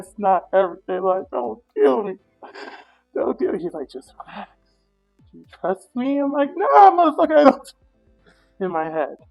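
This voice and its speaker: A woman guest telling a story in casual talk, animated and profane, acting out her own reactions. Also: fairly low pitch, gravelly, highs cut off. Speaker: interview guest.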